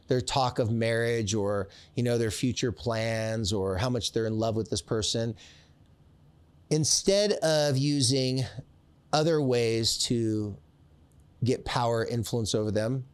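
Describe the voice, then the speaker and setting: A man hosting a therapy podcast, talking straight to fathers in an animated coaching manner and acting out little scenes. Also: mid-range voice, no room sound. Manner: coaching, direct address to dads. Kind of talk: podcast advice talk.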